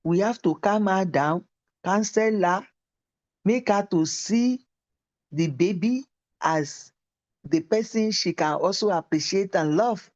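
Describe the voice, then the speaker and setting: A woman's voice: medium pitch, takes it slowly, a little mellow, dull audio. A woman lecturer giving a university lecture and teaching through personal stories.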